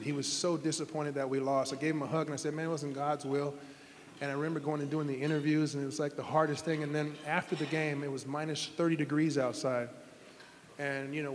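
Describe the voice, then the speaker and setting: Middle-aged guy, ex quarterback, earnest rambly storytelling, kinda high voice, big reverby room. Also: slight background noise. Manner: earnest, heartfelt, rambling with restarts. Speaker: former pro football quarterback, guest. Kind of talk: interview storytelling.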